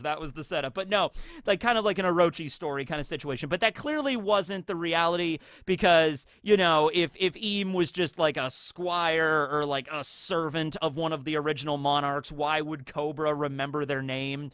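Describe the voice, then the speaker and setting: A man's voice: a little high, steady tone, normal speed, a bit bright, clear, resonant tone, no room sound. A man hosting a casual fan theory video who rambles and leans on filler words. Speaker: YouTube host.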